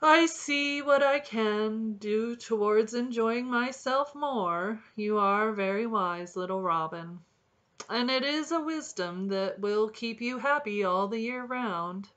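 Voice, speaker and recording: A woman's voice: fairly high pitch, slow, fairly bright tone, voice pushed up. A woman voicing a peevish, melancholy old male woodlark who talks in a grudging, despondent way. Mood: peevish, gloomy.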